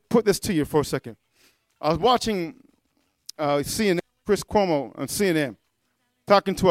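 A man's voice: sits high, dry recording. A man preaching a fiery sermon, often asking "amen?" and mocking others in sing-song voices. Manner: fiery, calls out "amen?" to listeners.

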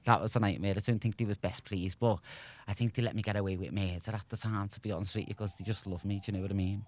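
A man's voice: on the low side, fairly even intonation, fast, darkish tone, muffled recording. A young man from Liverpool with a Scouse accent, a former radio presenter chatting as an interview guest and laughing often. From Liverpool, England. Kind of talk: casual interview chat.

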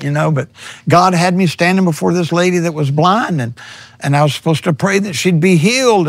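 Middle-aged male preacher, raspy gravelly voice, slightly higher pitch, earnest storyteller. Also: dry recording. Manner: earnest storytelling, acts out his own quotes louder. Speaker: missionary preacher. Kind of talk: personal testimony in an interview.

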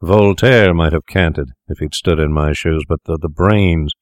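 A man reading a story, voicing a bitter, defiant old drunkard who speaks slowly and scornfully. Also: rumbling low, dry recording, studio quality. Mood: brooding.

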